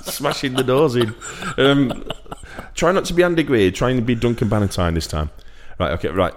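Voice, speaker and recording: A man hosting a casual football podcast, rambling and laughing his way through a playful mock sales pitch. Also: moderate pace. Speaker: podcast host. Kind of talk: casual chat.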